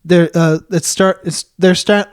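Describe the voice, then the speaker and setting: Rambling, slightly higher-voiced male co-host. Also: steady tone, measured pace, smooth, dry recording, clean studio sound. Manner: rambling storytelling with fillers and restarts. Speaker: podcast co-host. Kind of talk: casual chat.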